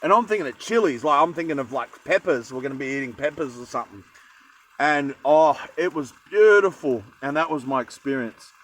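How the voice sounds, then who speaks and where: A young man with an Australian accent talks his way through a cooking session in a van. He rambles and cracks jokes as he goes, his voice sitting a little high for a man. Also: animated, fairly quick, fairly bright tone, rough recording. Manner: rambling, jokey, chatty asides. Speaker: cooking vlogger. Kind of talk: casual cooking chat. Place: van kitchen.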